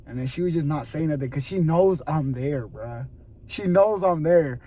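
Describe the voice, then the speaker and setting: A young man with a high, light voice tells a long story straight to his camera in casual slang. He gets animated and laughs often, then drops to a hushed voice to build suspense. It is recorded on a phone or camera mic at night in a gym parking lot. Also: moderate pace. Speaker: vlogger.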